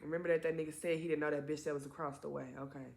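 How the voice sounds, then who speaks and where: A young woman in casual storytime mode, her everyday voice sitting slightly low. She swears freely and turns animated, leaping up in pitch whenever she acts out a quoted line. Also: rapid-fire, vocal fry, echoey room. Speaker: vlogger.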